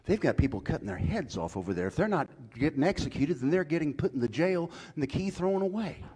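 A man preaching a sermon to his church, swinging from loud calls to soft whispers. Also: a little high, big pitch swings, quick pace, breathy edge. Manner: folksy, swings from shouted to whispered. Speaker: pastor.

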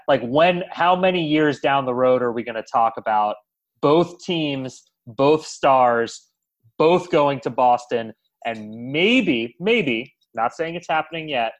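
A man hosting a casual sports podcast, talking in a teasing, animated way. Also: medium pitch, dull audio. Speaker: podcast host.

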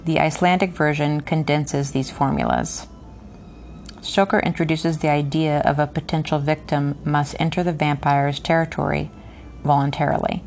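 A woman's voice: low-pitched, little pitch movement, normal speed, darkish tone, soft background music. A woman reading a novel aloud and breaking off for chatty, filler-heavy commentary, recorded on an app. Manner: chatty asides with frequent fillers. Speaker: podcast reader and commentator.

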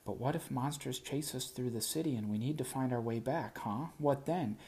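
A man voicing a tiny, boastful female doll who talks of herself by name in a high, squeaky voice. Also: moderate pace, a little mellow, natural voice. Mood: bossy.

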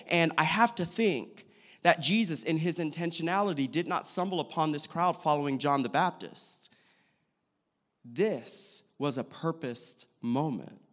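A pastor preaching a sermon, retelling a scripture story earnestly and acting out the quotes. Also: male voice, fairly high pitch. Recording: long hall reverb.

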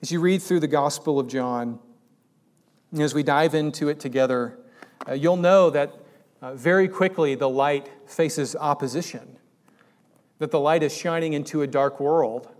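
A man's voice: fairly high pitch, normal speed. A man preaching a sermon in a conversational way that rises to emphatic peaks. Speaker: pastor.

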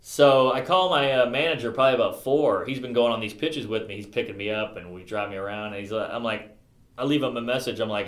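A man from New York telling a story in casual chat, animated and acting out other people's lines. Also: medium pitch, fast, reverberant.

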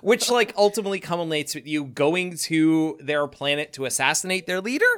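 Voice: mid-range voice, brisk, clear, resonant tone. A podcast co-host chatting casually about a video game, blunt and profane with wry jokes.

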